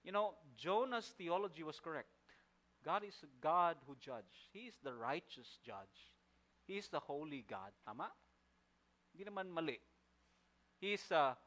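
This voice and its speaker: Filipino-accented male church elder, sermon delivery, slightly high, deliberate pace, keeps repeating key points. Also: bright, forceful tone. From Philippines. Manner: emphatic, repeats key phrases, rhetorical questions.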